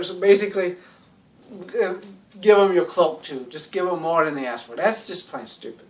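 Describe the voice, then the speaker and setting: A man's voice: a little high, fairly quick, recorded from a distance. A man talking in a casual, rambling monologue, blunt and sarcastic, with lots of "you know" fillers. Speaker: YouTube commentator.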